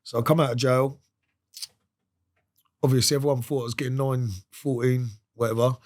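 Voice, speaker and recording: A man's voice: mid-range voice, flat delivery, normal speed. A man, a podcast guest telling a story in a casual interview. He talks in a streetwise way, swears freely and acts out the voices of the people he quotes.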